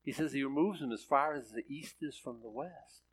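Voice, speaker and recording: A man's voice: medium pitch, fairly quick, husky. A male pastor preaching conversationally. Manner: conversational and sarcastic, with jokes and laughs. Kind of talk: sermon.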